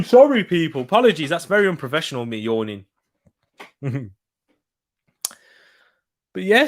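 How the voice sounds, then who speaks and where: A young man doing live watch-along commentary of a football match, reacting loudly to chances and chatting to viewers. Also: high-pitched.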